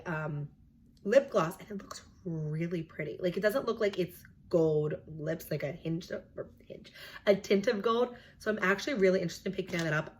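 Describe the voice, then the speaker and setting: A young woman talking casually and chattily as a beauty vlogger, sharing her opinions on new makeup releases with lots of "like" and "um". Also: lowish voice. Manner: chatty, opinionated, filler-heavy. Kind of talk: casual product review.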